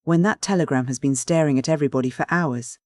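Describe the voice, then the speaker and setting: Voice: medium pitch, darkish tone, no echo, clean studio sound, lightly acted. An audiobook narrator voicing a chattering, theatrical middle-aged countess who gushes with gossip. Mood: gushing. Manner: gushing, rapid, theatrical.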